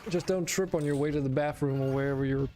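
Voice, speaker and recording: A man's voice: a little high, fairly even intonation, quick pace, mellow, faint music behind. A man casually talking through his gameplay on a stream, rambling, drowsy and self-correcting as he goes. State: yawning, sleepy.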